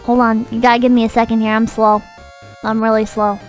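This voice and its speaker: A young woman streamer chatting casually in an excitable, jokey way, often shouting and laughing. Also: a little high, fairly quick, soft background music. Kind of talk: casual livestream chat.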